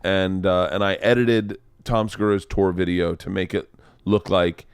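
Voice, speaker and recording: A man's voice: low voice, steady tone, moderate pace, clear, resonant tone, dry recording, studio quality. A man hosting a podcast in a casual chat, joking and laughing with his guest. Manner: jokey, laughs a lot, swears casually. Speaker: podcast host.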